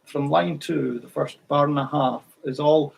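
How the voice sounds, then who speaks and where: Gravelly man teaching fiddle. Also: fairly high pitch, fairly even intonation, a little slow, low-quality recording. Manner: patient, counts in and sings rhythms. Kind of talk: online music workshop teaching.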